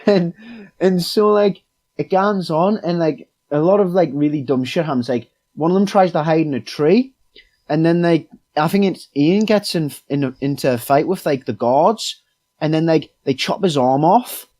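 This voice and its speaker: A man's voice: on the high side, normal speed, darkish tone, low-quality recording. Rambling young man game master. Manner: rambling storytelling full of fillers and quoted voices. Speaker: podcast co-host, game master. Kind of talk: casual chat.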